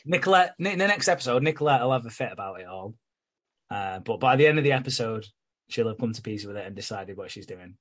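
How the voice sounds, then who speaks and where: A man's voice: mid-range voice, animated, fast, a bit bright. A man co-hosting a podcast, recapping soap episodes in casual, sweary chat and acting out the characters' lines. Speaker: podcast co-host.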